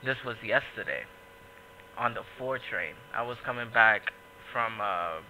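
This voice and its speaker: A man hosting a casual podcast, telling a profane, animated story and acting out the people in it. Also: lowish voice, unhurried, slight background noise, low-quality recording. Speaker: podcast host.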